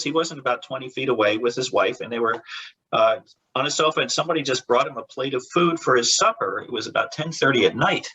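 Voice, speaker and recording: Heard on a rough recording, a man who draws comic books chats as an interview guest in a medium-pitched, bright, forceful voice with a breathy edge. He speaks a little fast with lively intonation, laughing and restarting through rambling tales and briefly imitating the people involved.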